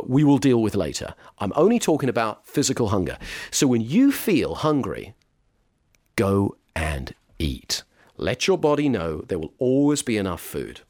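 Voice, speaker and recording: A man delivers weight-loss coaching with blunt, emphatic conviction. His pitch leaps and dips through a very wide range as he drives his points home. The sound is close and dry, with no room echo. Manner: emphatic, direct, with mocking impressions of others. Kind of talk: motivational instruction to camera.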